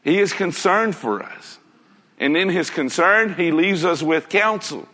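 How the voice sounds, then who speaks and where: A man's voice: sits high, animated, a little slow, bright, forceful tone, big-room sound. A man preaching a sermon in an earnest way, putting many rhetorical questions to his listeners.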